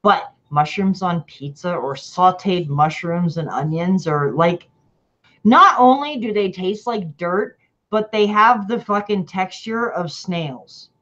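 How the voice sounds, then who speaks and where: A woman's voice: lowish voice, lively intonation, slow, fairly bright tone, dull audio. A woman hosting a casual chat over a video call, talking bluntly and swearing freely, laughing often. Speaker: host.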